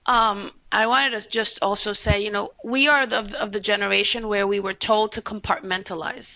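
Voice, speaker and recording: A woman, a podcast guest, speaking earnestly and deliberately in affirming words to another guest. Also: mid-range voice, steady tone, dry recording. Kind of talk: heartfelt conversational podcast talk. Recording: tinny phone-like line, dry.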